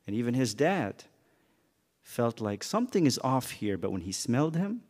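A man's voice: mid-range voice, very animated, normal speed, a little mellow. A man teaching a casual youth Bible lesson in a church hall, joking and quizzing the kids as he retells the story.

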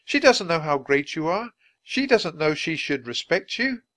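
Storybook girl, young and outspoken, read by a man; high, pleading, rising. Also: sing-song, a little slow, fairly bright tone. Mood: pleading, bold. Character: excitable young girl, outspoken animal lover.

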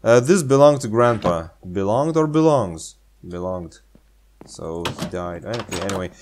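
A man's voice: fairly low pitch, animated, measured pace, darkish tone, slight background noise. A man playing a game and commenting casually, sarcastic and playful, in slightly non-native English. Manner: sarcastic, playful, speaks English as a second language. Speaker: gaming channel host.

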